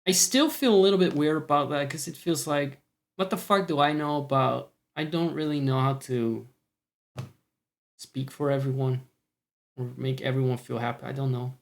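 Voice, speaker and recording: A man's voice: medium pitch, normal speed, gravelly. Rambling, sweary Scottish man streaming. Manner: rambling, sweary, self-mocking. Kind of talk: casual live-stream chat.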